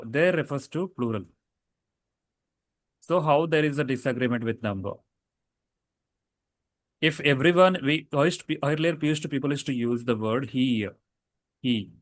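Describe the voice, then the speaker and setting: A man's voice: mid-range voice, normal speed, pauses often, no echo. A man teaching a casual grammar lesson, explaining rules with fillers and self-corrections.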